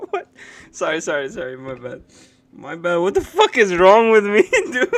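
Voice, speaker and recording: A man's voice: high-pitched, huge pitch swings, measured pace, fairly bright tone. A young man streaming live, chatting casually as he reacts to clips, laughing hard and often, swearing freely and rambling loosely.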